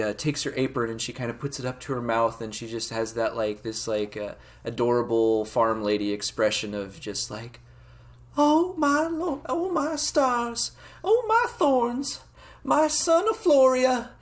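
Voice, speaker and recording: A man narrating a tabletop game as game master, talking casually with lots of fillers. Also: lowish voice. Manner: casual, rambling with many fillers.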